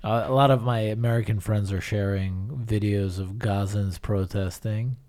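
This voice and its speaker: A man's voice: fairly low pitch, fairly even intonation, moderate pace, mellow. A man co-hosting a podcast in casual chat, blunt and emphatic, swearing freely. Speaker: podcast co-host.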